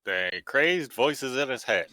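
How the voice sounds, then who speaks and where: A man's voice: medium pitch, lively intonation, takes it slowly, pushed and bright, no echo. An American man helping out on a live stream, teasing his friend in playful banter.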